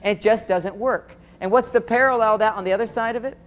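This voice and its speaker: Animated man lecturing in a reverberant hall. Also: high voice, quick pace. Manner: animated, acts out quoted dialogue, addresses audience directly. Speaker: relationship seminar speaker. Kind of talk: live seminar lecture.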